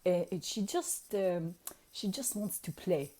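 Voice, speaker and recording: A woman voicing a calm, gentle male spiritual reader who speaks slowly and haltingly, with a slightly lower voice than her own. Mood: earnest, gentle. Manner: slow, careful, halting phrasing.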